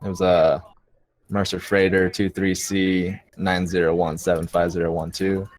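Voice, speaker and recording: A man's voice: sits low, little pitch movement, normal speed, slight background noise. A man playing a tabletop game over a video call, laid-back and hesitant. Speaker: player.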